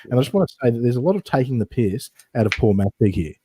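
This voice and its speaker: Fast-talking Australian man. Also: mid-range voice, sing-song, dark tone, slight background noise. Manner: joking, teasing banter. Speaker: co-host. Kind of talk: casual livestream chat.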